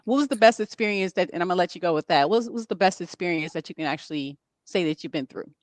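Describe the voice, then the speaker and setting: A woman's voice: on the low side, lively intonation, racing, no echo. Encouraging woman host, dry close sound. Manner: encouraging, frequent affirming fillers. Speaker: interview host. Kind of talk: casual interview talk.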